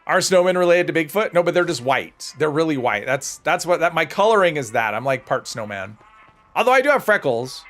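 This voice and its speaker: A chatty male livestreamer with a voice pitched a little higher than most men's. He rambles casually as he plays, answering viewer comments and poking fun at himself. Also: very animated, brisk, fairly bright tone, soft background music. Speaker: gaming livestreamer.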